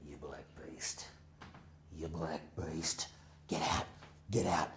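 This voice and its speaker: A furious cafe owner, put on by a male slam poet, spits out orders in a low, menacing hiss. The voice drops deep and quiet, almost a whisper. Live room echo surrounds it. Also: sing-song, slow, vocal fry, heavily acted. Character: angry white cafe owner, middle-aged man.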